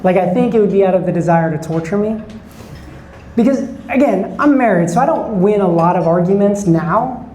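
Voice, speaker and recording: A man's voice: high voice, moderate pace, warm tone, reverberant, low-quality recording. A man in his forties doing a stand-up set, chatting and bantering with the audience from a club stage. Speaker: stand-up comedian. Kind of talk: stand-up set with crowd work.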